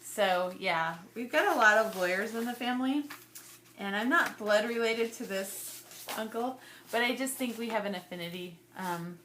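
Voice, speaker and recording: A talkative woman in her thirties rambles through her advice in a loose, friendly chat, laughing now and then. Her voice sits at a middle pitch, and a faint hiss runs under it. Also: normal speed, fairly bright tone. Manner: chatty, rambling, laughs often. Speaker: scrapbooking vlogger. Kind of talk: casual chat to camera.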